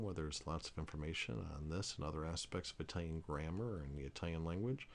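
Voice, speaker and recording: A man's voice: low-pitched, animated, fast, vocal fry, few pauses. A man teaching a language lesson, explaining pronunciation rules carefully and repeating each example word.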